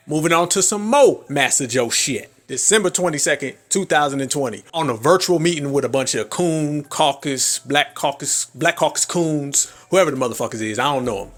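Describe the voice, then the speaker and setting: A man hosts a live commentary stream in a brash, foul-mouthed style and often laughs at his own jokes. His voice sits a little high for a man. Faint music plays under his talk. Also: fairly bright tone. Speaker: livestream commentary host.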